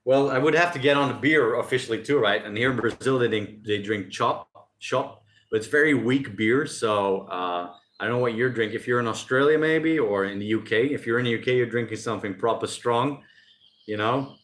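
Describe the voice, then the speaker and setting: A man's voice: medium pitch, brisk, a bit bright. Male stream host, casual and jokey, rambles between chat messages, recorded outdoors. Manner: loose, rambling and jokey, often laughing. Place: outdoors by the ocean.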